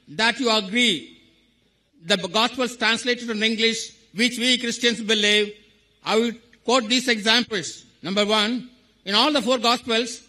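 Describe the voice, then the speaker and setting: A man's voice: extremely high pitch, bright, forceful tone, poor audio. A man, a teacher, asking a long question from the audience, earnestly quoting scripture in formal phrasing. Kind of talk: public Q&A question.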